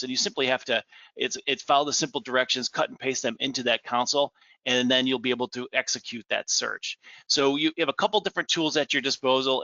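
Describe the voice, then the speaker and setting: A man who presented a product demo, explaining on a webinar and admitting he talks fast. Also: medium pitch, bright, forceful tone, no echo. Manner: talks fast, says he will slow down. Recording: dry lo-fi call audio.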